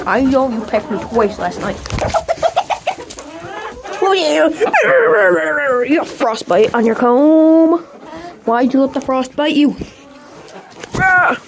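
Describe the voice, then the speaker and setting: A woman chatting playfully to her backyard chickens in baby talk, outdoors in a coop. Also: fairly high pitch. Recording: noisy coop with clucking hens. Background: chickens clucking.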